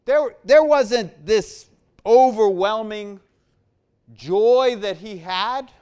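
A man preaching a sermon, emphatic and deliberate, swinging between loud stressed phrases and quiet soft-spoken stretches. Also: high voice, clean tone.

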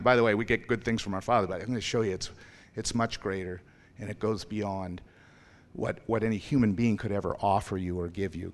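This pastor's voice is on the low side, steady in tone, and brisk. Preaching in a church sanctuary, he keeps it loose and rambling, questions the congregation, and laughs at his own expense.

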